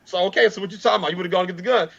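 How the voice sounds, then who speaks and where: A man co-hosting a casual podcast, talking in an animated way, cutting in and playing devil's advocate. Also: high-pitched, gravelly, husky. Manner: rapid, animated, cuts in and plays devil's advocate. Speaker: podcast co-host. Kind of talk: casual debate chat. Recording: dull lo-fi recording.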